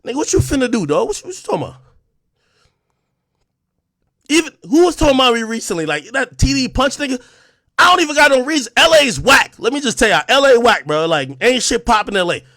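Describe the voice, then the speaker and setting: High-pitched man ranting on a stream. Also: sing-song, quick pace, no room sound, clean studio sound. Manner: aggressive, profane trash talk that swings from shouting to low muttering. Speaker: livestream host. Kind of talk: ranting livestream talk.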